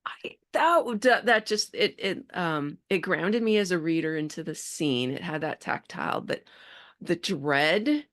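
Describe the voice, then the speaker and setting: Her voice sits on the lower side, animated yet measured in pace. The Bay Area woman hosts a podcast, conducting a relaxed interview in a talkative, excited style with many restarts.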